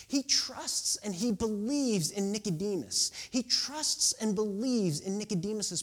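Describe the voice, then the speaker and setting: Animated man in his thirties preaching. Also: high-pitched, unhurried, hardly any pauses. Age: 30s. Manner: conversational and animated, with asides and rhetorical questions. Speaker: pastor. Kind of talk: sermon.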